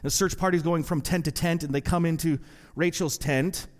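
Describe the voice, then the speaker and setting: A man preaching a sermon, retelling a story in a lively way with acted-out quotes and wry asides. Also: a little high, moderate pace. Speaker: pastor. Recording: long hall reverb.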